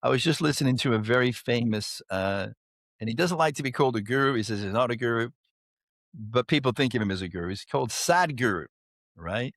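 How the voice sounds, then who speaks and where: Rambling male podcast host, lively pitch. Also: fairly quick, dry recording, studio quality. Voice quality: rambling, laughing, tag questions like "right?". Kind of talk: casual storytelling chat.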